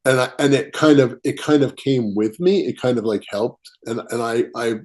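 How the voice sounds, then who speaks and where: A man, a writer, telling a personal story as a podcast guest, animated and chuckling as he acts out quotes. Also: medium pitch, normal speed. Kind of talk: casual storytelling interview.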